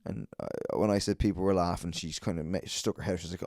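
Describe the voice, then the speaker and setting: A stand-up comedian hosting his podcast alone, telling a long story in a very low voice. His tone is dark and mellow, and the recording is dry and close. He rambles and swears freely as he tells it. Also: steady tone, fast talker, vocal fry, no room sound. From Ireland. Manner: profane, rambling anecdote with acted-out quotes. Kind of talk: casual solo podcast storytelling.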